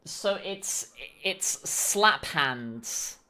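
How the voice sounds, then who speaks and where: A woman's voice: low voice, lively intonation, extremely slow, sharp tone. A woman streaming a game, chatting casually and thinking aloud as she plays.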